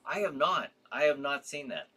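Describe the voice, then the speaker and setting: Tired male livestream host, rambling and halting, lively bright voice. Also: medium pitch, husky. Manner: rambling, halting, with frequent restarts and yawns. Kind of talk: casual live-stream chat reading viewer comments.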